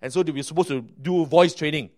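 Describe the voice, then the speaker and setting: Animated Malaysian English-speaking male pastor. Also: on the high side, brisk. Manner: animated, chatty, frequent filler words and restarts. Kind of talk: sermon storytelling.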